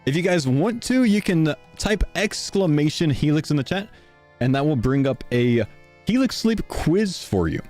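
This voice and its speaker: A man's voice: fairly high pitch, very animated, moderate pace, a little mellow, faint music behind. A young man live-streaming a sponsor read, out of breath and chatting casually to his viewers. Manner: casual, chatty, talks to chat.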